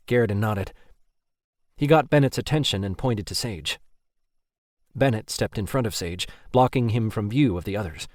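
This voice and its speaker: A man narrating an audiobook in a steady, even storytelling manner. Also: on the low side, moderate pace, dry recording, studio quality.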